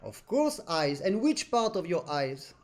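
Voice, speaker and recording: A man coaching an accordion student in a lesson, a native French speaker talking in animated, non-native English and humming musical phrases. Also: a little high, measured pace. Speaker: accordion teacher. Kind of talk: masterclass coaching.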